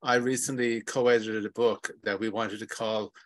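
Low-voiced man asking hesitantly. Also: steady tone, moderate pace, no echo. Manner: hesitant, many ums and restarts. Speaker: audience member asking a question. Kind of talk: hesitant question in an online session. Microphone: video call.

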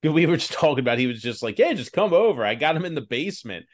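A man co-hosting a podcast in casual chat, animated, acting out the people in his stories. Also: mid-range voice, rapid-fire. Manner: animated storyteller, acts out quoted people. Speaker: podcast co-host.

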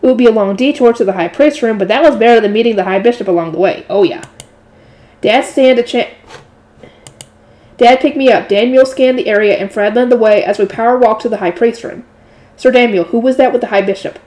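A woman reading a light novel aloud in a steady narrating voice, adding her own asides. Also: a little high, brisk. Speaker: audiobook reader.

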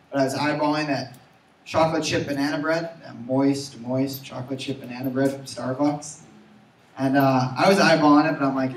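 A young man giving an energetic motivational sales talk, urging his audience to repeat after him. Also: mid-range voice, brisk. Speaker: sales trainer. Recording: roomy, from far off.

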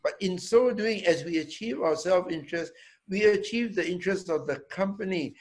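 A man, a hotel owner, answering students' questions in a Q&A, deliberate and emphatic, often checking in with a quick "yeah?" and repeating words for emphasis. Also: high-pitched. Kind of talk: Q&A talk.

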